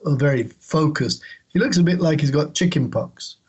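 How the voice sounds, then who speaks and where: A man in a casual comics discussion, speaking haltingly and tripping over his words. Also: fairly high pitch, darkish tone, slightly rough. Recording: dull lo-fi audio.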